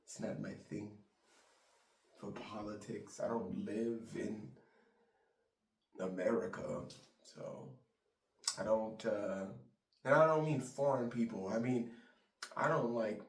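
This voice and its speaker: Man doing a mocking take on a carefree influencer guy, dismissive and low-key; roomy distant sound. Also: slow pace, long pauses. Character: breezy male influencer dodging politics. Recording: roomy sound, mic far off.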